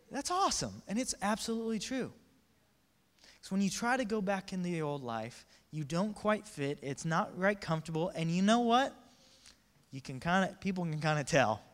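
A man preaching a casual, joking sermon, acting out the quotes in voices. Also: sits high. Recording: reverberant hall.

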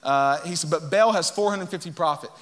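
A man preaching a sermon, reading scripture aloud and joking with animated energy. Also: fairly high pitch, a little fast. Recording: long hall reverb.

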